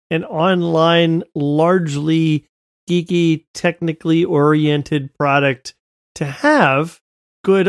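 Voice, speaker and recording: A man's voice: fairly high pitch, no echo. A man co-hosting a tech podcast, easygoing with a dry sense of humor. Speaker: podcast co-host. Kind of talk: casual podcast chat.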